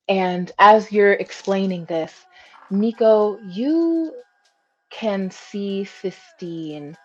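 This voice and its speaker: Slow, musing woman narrating a game. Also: medium pitch, darkish tone. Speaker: game master. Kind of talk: narrating a tabletop role-play game. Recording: dull lo-fi stream audio with faint music.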